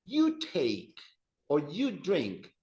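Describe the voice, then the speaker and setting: A man leading an adult Spanish class, speaking slowly and deliberately. His voice sits a little high for a man, and he repeats each word patiently so his students can practice it. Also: wildly swooping pitch, dark tone, highs cut off. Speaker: Spanish teacher. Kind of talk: adult evening class teaching.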